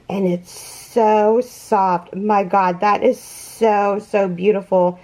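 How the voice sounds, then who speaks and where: Slow-talking gushing woman crochet host. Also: medium pitch, steady tone, darkish tone. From California. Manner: gushing and awed, gasping, near tears. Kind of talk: unboxing vlog.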